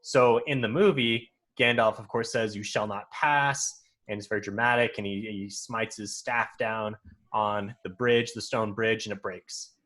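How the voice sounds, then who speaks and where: A man's voice: on the low side, steady tone, normal speed, a bit bright. A man co-hosting a podcast, talking through a book review in a casual, thoughtful way, explaining his points at length. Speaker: podcast co-host.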